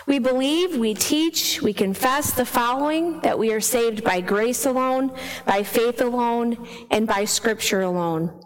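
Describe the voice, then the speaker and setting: A woman reading the gospel and preaching a sermon, telling a fable and putting questions to the congregation. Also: fairly high pitch. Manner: storytelling, asks the congregation questions. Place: church. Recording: long reverb in a church hall.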